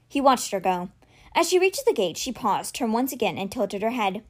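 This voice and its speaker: Lively expressive woman reading a novel aloud. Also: a little fast. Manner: expressive, shifts pitch for dialogue. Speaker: audiobook reader. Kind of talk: reading a novel aloud, doing dialogue voices.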